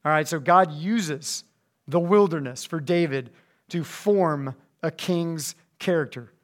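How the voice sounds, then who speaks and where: A young man giving a casual, animated sermon to high school students, slipping into voices as he reads scripture. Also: takes it slowly. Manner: animated, conversational, acts out voices when reading scripture. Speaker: youth pastor. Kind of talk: youth sermon.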